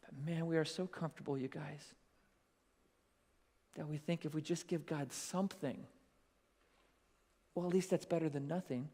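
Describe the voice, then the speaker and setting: A high-voiced man preaches at a school chapel, animated and conversational, slipping into quoted voices as he speaks straight to the young crowd. His voice rings out with a long hall reverb. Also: moderate pace, pauses often. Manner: animated, acts out quoted voices, addresses listeners as "you guys".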